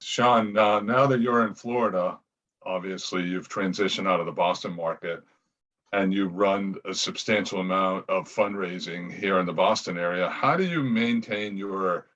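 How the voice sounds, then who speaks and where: A man hosting a podcast, asking questions in a measured, formal way. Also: deep voice, a bit bright. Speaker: podcast host. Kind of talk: interview questions. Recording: dull lo-fi podcast audio.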